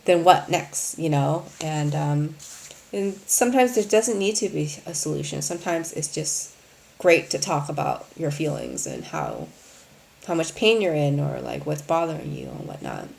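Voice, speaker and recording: A woman's voice: sits low, very animated, moderate pace, vocal fry, a little mellow. A woman hosting a live Q&A, speaking earnestly to her viewers in a rambling way, full of "um" and "you know". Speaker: host of a live Q&A stream. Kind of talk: candid casual talk to viewers.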